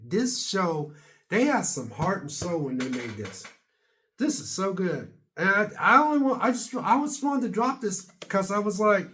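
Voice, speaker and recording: Casual vlogger, man around sixty, slightly high voice, rambling and chatty. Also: fairly bright tone, a little hiss or hum. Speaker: video blogger. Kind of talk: casual rambling opinion vlog.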